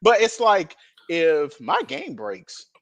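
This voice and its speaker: A man's voice: fairly high pitch, slow, no echo. A man hosting a casual podcast, telling stories emphatically and with a lot of profanity. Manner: animated, acts out quoted dialogue. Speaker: podcast host.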